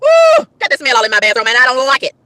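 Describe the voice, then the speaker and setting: A woman ranting to her livestream chat, emphatic and exasperated, with loud whoops. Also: a little high, fairly even intonation, racing, no room sound. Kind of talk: casual livestream rant.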